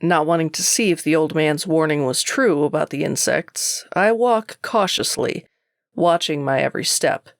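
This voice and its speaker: A woman narrating a first-person audiobook in a sardonic, even storytelling manner. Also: low voice, moderate pace, no room sound, studio quality.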